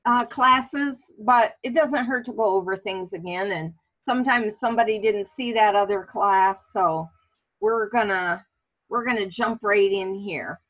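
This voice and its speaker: A woman hosting a casual online class, speaking in a relaxed way with many fillers. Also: mid-range voice, measured pace, highs cut off. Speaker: class host.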